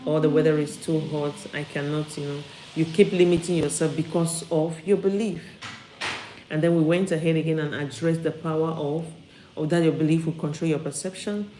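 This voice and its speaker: A woman with a low voice delivers an upbeat, live-streamed motivational talk, repeating her key phrases for emphasis. Her voice carries a roomy echo, with a faint hum of background noise. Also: steady tone, normal speed, mellow. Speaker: motivational speaker. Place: at home.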